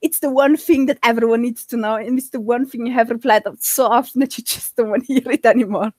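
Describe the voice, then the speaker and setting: A woman's voice: fairly high pitch, steady tone, fast, no echo. A woman with a mixed, hard-to-place accent, speaking as a guest in a casual live-stream chat and earnestly explaining her views at length.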